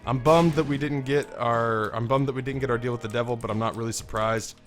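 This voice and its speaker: A young man talks over a game at a middle pitch, his voice thick and stuffed-up from being ill. He rambles, swears freely and jokes at his own expense. Faint music plays underneath. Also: steady tone, a little fast. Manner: rambling, self-deprecating, swears casually. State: congested, sick voice. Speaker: gaming commentator. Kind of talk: casual let's-play commentary.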